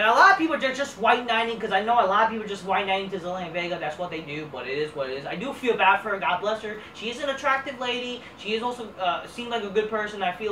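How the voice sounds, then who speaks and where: A woman's voice: mid-range voice, pushed and bright, a little hiss or hum. Profane, exasperated woman ranting. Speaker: host. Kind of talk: ranting wrestling review. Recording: roomy echo from distant mic.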